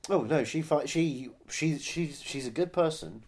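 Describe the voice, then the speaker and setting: A man's voice: on the high side, measured pace, darkish tone. Joking man riffing on films. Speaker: podcast co-host. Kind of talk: casual film chat.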